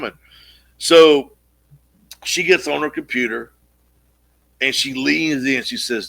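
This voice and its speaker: A man co-hosting a casual podcast, telling a long story in an animated way and acting out the quotes, with casual swearing. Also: a little high, unhurried, creaky, long pauses. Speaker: podcast co-host.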